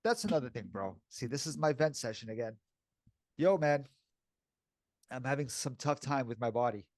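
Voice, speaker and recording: A man's voice: medium pitch, lively intonation, normal speed, a little mellow, no room sound, studio quality. A man co-hosting a podcast, talking casually and candidly and calling the other host "bro" and "dude".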